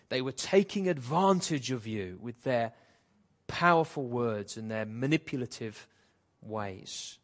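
A man preaching an expository sermon, reading scripture and paraphrasing it in a lively, dramatic way. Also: on the high side.

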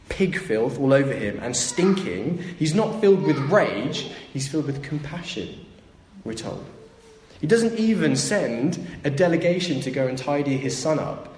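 A man's voice: a little high, darkish tone, a little hiss or hum. A man preaching a sermon, retelling a story and briefly acting out its characters' voices. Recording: echoey hall, faint ambience.

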